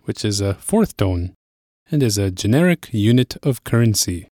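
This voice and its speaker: Male lesson host, low-ish voice, dry studio read, patient and clear. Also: dry recording. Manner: clear, steady explaining, slows on key phrases. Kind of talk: language lesson presenting.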